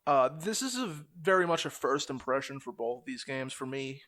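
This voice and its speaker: A man's voice: medium pitch, expressive, fairly quick, fairly bright tone. A young man co-hosting a podcast, chatting casually, ranting animatedly with lots of swearing. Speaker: podcast co-host. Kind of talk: casual chat.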